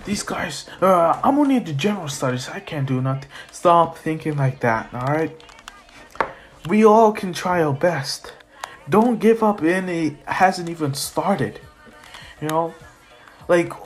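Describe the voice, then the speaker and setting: A man voicing a teenage boy hero who gives an earnest, rambling pep talk full of fillers. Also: a little high.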